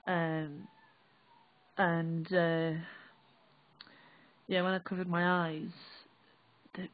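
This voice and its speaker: A young woman with a Northern English accent, recalling an experience in a halting, rambling, sweary way. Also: lowish voice, level tone. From England. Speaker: vlogger. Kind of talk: casual first-person recollection. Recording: dry, tinny phone-like audio.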